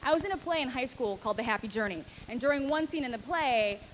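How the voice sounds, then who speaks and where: A high-voiced woman works through a stand-up comedy routine, brash and profane as she rambles through her stories. Her voice rings with a long reverb, as from a stage mic in a large hall. A faint noise sits underneath. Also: expressive, fast talker. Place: comedy stage before a live audience.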